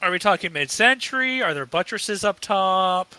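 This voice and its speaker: A man's voice: sits high, animated, bright, forceful tone, clear, resonant tone, no echo, rough recording. A man playing a tabletop game with friends, chatting casually in a playful, joking way. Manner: playful, joking, quick to laugh.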